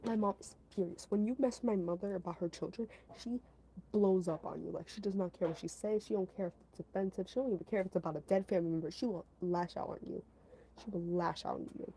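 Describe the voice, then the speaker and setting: Brief: young female creator, mid-pitched and warm, chatty storytime with restarts. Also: fast, a little hiss or hum, low-quality recording. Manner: animated, emphatic, with frequent restarts and acted quotes. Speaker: content creator. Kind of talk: casual storytime monologue.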